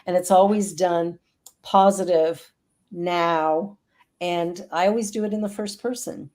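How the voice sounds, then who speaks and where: On a relaxed video call, a middle-aged woman speaks in a lowish, steady, darkish voice at an unhurried pace. She's earnest and upbeat as she talks about prayer and affirmations.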